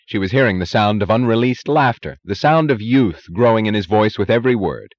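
A man narrating an audiobook in a measured, expressive way, in a dull, lo-fi recording. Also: fairly low pitch, dry recording. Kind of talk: scripted narration.

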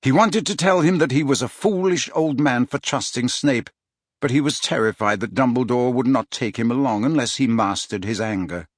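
A man narrating an audiobook in an expressive, dramatic reading style. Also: medium pitch, normal speed, dry recording, studio quality. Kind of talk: scripted storybook narration.

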